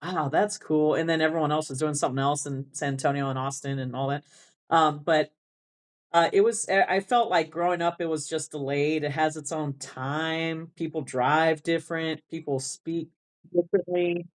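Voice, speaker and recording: A woman band director with a South Texas Rio Grande Valley accent is a guest in a casual interview chat, speaking in a low-pitched, steady voice at a moderate pace. She rambles, restarts often, and laughs a lot.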